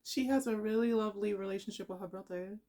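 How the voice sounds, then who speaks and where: A woman's voice: mid-range voice, fast talker, warm tone. A woman hosting an anime reaction video, emotional and talking back to the characters on screen in casual commentary.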